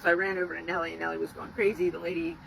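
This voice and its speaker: A woman's voice: lowish voice, level tone, very fast, gravelly, a little hiss or hum, low-quality recording. A woman candidly recounting a frightening experience to the camera, emotional and swearing freely. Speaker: rescuer telling her story. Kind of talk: personal storytelling to camera.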